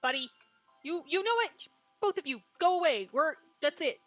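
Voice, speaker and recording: A woman's voice: high-pitched, animated, moderate pace, dry recording, soft background music. A woman streaming a story game, reacting in blunt, sarcastic commentary and swearing freely.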